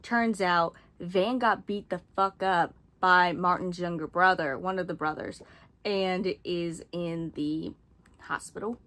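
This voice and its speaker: A woman's voice: fairly low pitch, fairly even intonation, slow, fairly bright tone. A young adult woman reviewing a book series in casual chat, sarcastic and rambling, with frequent swearing and asides.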